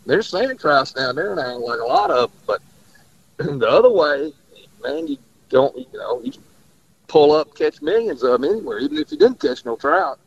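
A man's voice: fairly high pitch, sing-song, normal speed, creaky, breathy edge. A man, a fishing guide rambling through stories in casual radio chat and laughing often. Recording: dull lo-fi radio audio.

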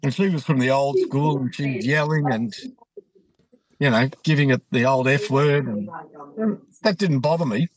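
An Australian man co-hosting a casual chat show, telling an animated anecdote. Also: medium pitch, dry recording, rough recording. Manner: animated anecdote teller, acts out quotes. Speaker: co-host.

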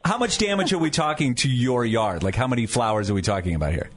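Husky-voiced lively male radio host. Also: mid-range voice, fast. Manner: moderating, lively delivery. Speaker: radio morning show host. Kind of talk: upbeat radio talk. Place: radio studio.

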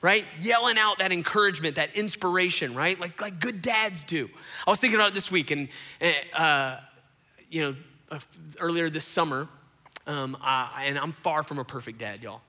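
A middle-aged pastor preaching a sermon from a church stage, telling stories with big swings between loud bursts and hushed asides. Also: male voice, a little high, moderate pace.

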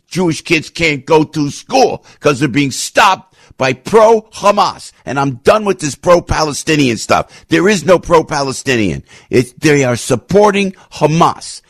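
An older man hosting a radio talk show, telling anecdotes in an emphatic, repetitive, rambling way with sudden swings in pitch. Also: expressive, unhurried, hardly any pauses, no room sound, clean studio sound. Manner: emphatic, repetitive, restarts often. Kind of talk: rambling opinion monologue with anecdotes.

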